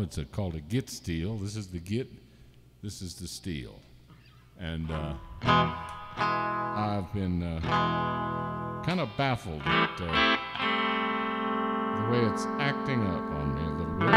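Male musician-host, lowish voice, casual and joking, halting delivery, reverberant home room, faint guitar behind. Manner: easygoing and joking, with frequent "uh" pauses. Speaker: musician hosting a live-stream show. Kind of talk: casual live-stream chat. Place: home setup, not a studio.

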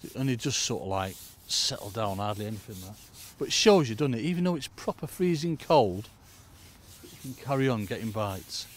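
Bloke, lowish voice, chatty fishing coach talking to the viewers outdoors by a lake. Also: male voice, lively intonation, brisk, slight background noise. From United Kingdom. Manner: chatty, keeps addressing "folks". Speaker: angling coach. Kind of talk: casual fishing tutorial. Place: lakeside outdoors in cold weather.

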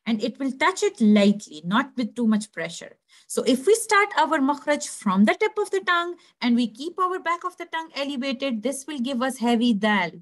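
A woman teaching a recitation lesson, patiently explaining and slowly demonstrating pronunciations. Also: high voice, expressive. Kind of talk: tajweed lesson.

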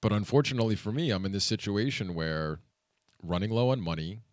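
A man's voice: lowish voice, a little fast, no echo, clean studio sound. A man vlogging, telling a frustrating story in a venting, rambling way with many fillers. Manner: frustrated, venting, lots of "you know" fillers. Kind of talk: personal vlog storytelling.

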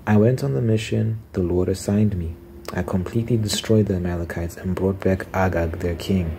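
A man's voice: low voice, fairly even intonation, normal speed, creaky, warm tone, a little hiss or hum. A man reading the lines of a defensive ancient male king making excuses, in a plain, slightly insistent ASMR scripture reading.

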